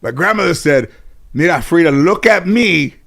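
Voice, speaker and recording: A middle-aged man from the Los Angeles area telling stories as a guest in an interview, animated and profane, laughing at his own tales. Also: a little high, normal speed, vocal fry. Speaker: guest comedian. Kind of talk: casual storytelling in interview.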